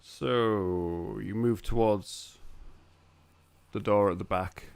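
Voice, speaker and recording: A Northern English man runs a tabletop game as dungeon master, taking his time over each scene and pausing with fillers. His voice is smooth and clear. The sound is dry and close, with no room echo. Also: fairly low pitch. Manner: unhurried, describes scenes with pauses and fillers.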